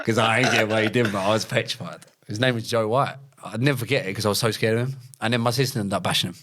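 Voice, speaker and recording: A man's voice: lowish voice, quick pace, fairly bright tone. A young man, a podcast guest telling his life story in a blunt, slangy way with plenty of swearing. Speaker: podcast guest, former paratrooper and fighter. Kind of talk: casual storytelling interview.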